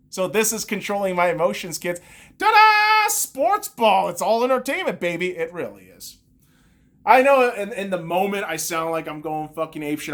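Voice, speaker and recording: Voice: medium pitch, fairly bright tone. A podcast host alone in a room, ranting about basketball with constant swearing and heated bursts. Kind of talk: solo sports rant.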